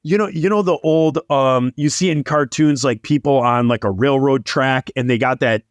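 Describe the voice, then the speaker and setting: A man telling a long story in casual chat, animated and rambling. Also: medium pitch, moderate pace, dry recording. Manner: animated, rambling, lots of likes.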